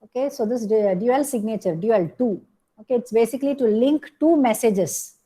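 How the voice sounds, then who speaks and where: A woman's voice: on the high side, moderate pace, mellow, breathy edge, low-quality recording. A woman giving a recorded lecture, explaining step by step with frequent "okay" and "hmm" fillers and self-corrections.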